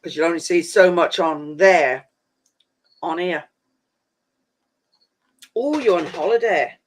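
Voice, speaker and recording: A man's voice: on the high side, lively intonation, slow. A man chatting casually on a live stream, rambling and saying "flipping" a lot.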